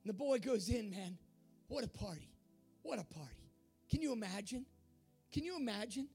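A preacher giving an animated sermon, retelling a story with emphatic repetition. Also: mid-range voice, normal speed, long pauses, husky, soft background music.

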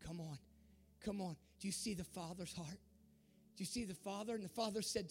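A preacher giving an animated sermon, retelling a story with emphatic repetition. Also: mid-range voice, fairly quick, breathy edge, faint music behind.

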